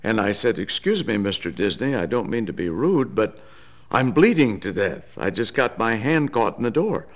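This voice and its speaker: An older man, a veteran cartoon voice actor, telling a lively anecdote in an animated way. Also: on the low side, normal speed. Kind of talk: anecdote told to camera.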